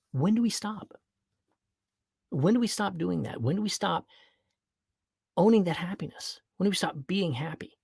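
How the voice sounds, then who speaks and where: Husky, upbeat man giving motivational talk. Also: a little high, no echo, clean studio sound. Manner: upbeat, animated, breaks into playful whoops and exclamations. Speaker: podcast host. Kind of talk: motivational monologue.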